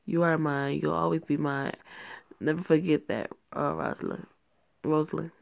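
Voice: mid-range voice, flat delivery, moderate pace, vocal fry. A reader voicing a menacing, possessive male ex-boyfriend who makes threats in a controlling manner.

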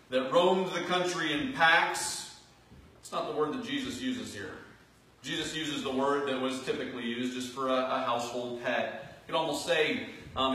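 A male pastor preaching a sermon in a church, earnest, rising into loud emphatic phrases and dropping to soft asides. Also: medium pitch. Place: church sanctuary. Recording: distant, very echoey church hall recording with faint noise.

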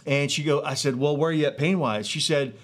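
Man, thirties or forties, evangelist, animated testimony, somewhat high voice, restarts often, outdoors. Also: a little fast. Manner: earnest, excitable, many fillers and restarts. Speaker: street evangelist.

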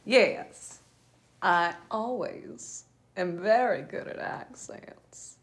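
A woman's voice: medium pitch, extremely slow. An actress playing a young widow, teasing and playful in casual talk with her husband. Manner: playful, teasing, bossy about accents. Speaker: widow, lead character. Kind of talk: naturalistic short film acting.

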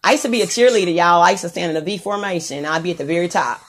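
A woman's voice: lowish voice, rapid-fire, slight background noise. Crude, rambling woman vlogger. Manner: crude, rambling, joking, singing along to music. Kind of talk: casual live-stream chat.

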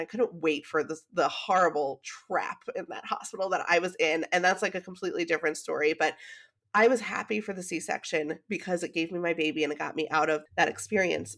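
A woman in her thirties from the United States, a podcast guest telling a personal story in an animated, emotional way and laughing often. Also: lowish voice. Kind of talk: conversational storytelling.

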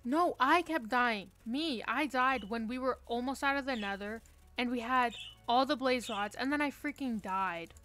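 A woman's voice: on the high side, normal speed, pushed and bright, dry recording. A young woman streaming a game from her room, chatting casually with playful, self-mocking trash talk. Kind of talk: casual live-stream chat while gaming.

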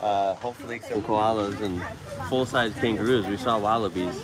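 A man's voice: lowish voice, steady tone, normal speed, crowd noise. A man with a Chicago accent chatting easily and laughing often while live-streaming from an outdoor wildlife park on a handheld camera. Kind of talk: casual live-stream chat.

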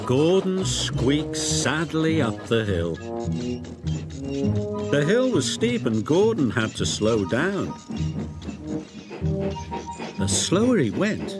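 A male storyteller reading a children's railway story at an unhurried pace, his pitch moving in a lively way. Loud music plays under his voice throughout. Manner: slow, expressive reading. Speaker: narrator. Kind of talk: storybook narration.

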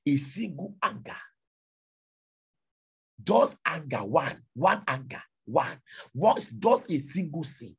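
A male preacher delivering a sermon, repeating rhetorical questions with a raspy voice. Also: fairly high pitch, sing-song, takes it slowly, long pauses.

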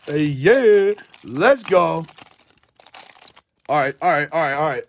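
A young man with a hoarse, worn-out voice, frantically narrating a card pack opening at home, swearing and shouting in disbelief while filming on his phone. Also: on the high side, lively intonation, slow. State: hoarse, voice shot. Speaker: sports card pack breaker. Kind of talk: hyped live pack-opening commentary. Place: at home by a table.

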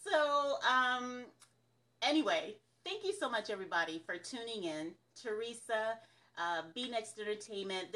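A woman's voice: medium pitch, a bit bright. A woman from the American South hosting a casual business coaching livestream, chatty and upbeat, laughing often as she talks to viewers.

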